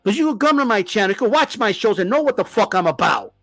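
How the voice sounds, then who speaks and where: Heated, swearing boxing host, high animated voice. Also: male voice, fast talker, dry recording. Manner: profane, heated, repeats himself. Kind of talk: ranting commentary to camera.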